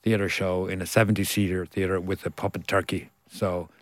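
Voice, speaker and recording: A man's voice: deep voice, little pitch movement, normal speed, dry recording. A middle-aged man, an author chatting in an interview and telling self-deprecating stories with frequent laughs. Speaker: author guest. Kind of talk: casual interview chat.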